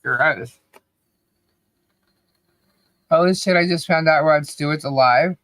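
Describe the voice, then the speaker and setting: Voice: medium pitch, moderate pace, a bit bright, no room sound. A podcast co-host in casual chat, talkative, laughing often and breaking into bits of song. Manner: chatty, laughs often, sings snatches of songs.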